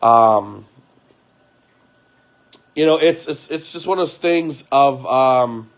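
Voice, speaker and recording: Young adult male streamer at home: worn-out, hurt tone, halting delivery with many repeats, average pitch. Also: lively intonation. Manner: halting, repeats words often; weary and aggrieved. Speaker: livestreamer. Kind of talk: emotional live-stream monologue.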